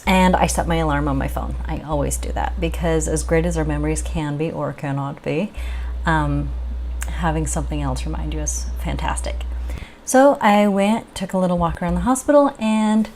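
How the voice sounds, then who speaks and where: A woman's voice: low voice, normal speed, darkish tone, a little hiss or hum. A woman vlogger telling a personal story in a chatty, upbeat way with the odd laugh. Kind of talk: casual chat.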